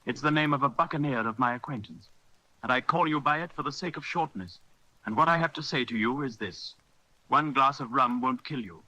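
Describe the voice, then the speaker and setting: A man voicing a stern doctor who scolds his patient in crisp, firm sentences. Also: medium pitch, pushed and bright, pitched above the performer's own voice, low-quality recording. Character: stern middle-aged country doctor. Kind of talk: audiobook character reading.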